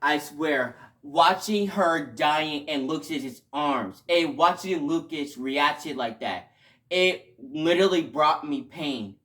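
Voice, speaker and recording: A man giving a casual video review, talking emotionally and rambling, with sudden loud outbursts between quieter stretches. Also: on the high side, slow pace. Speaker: show reviewer.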